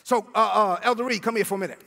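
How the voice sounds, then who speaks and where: A male pastor with a Brooklyn accent, preaching an energetic sermon full of slang, repetitions and shouted lines. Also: high-pitched, very fast, gravelly, in a large hall. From Brooklyn, New York.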